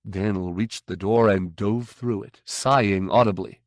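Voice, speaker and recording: Male audiobook narrator, measured and even, lowish voice. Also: no room sound, clean studio sound. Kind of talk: scripted narration.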